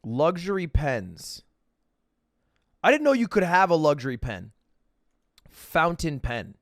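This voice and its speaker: A man's voice: on the high side, very animated, slow pace, no room sound, studio quality. A young man streaming and chatting casually with viewers, telling a story and acting out the voices of the people in it. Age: young adult.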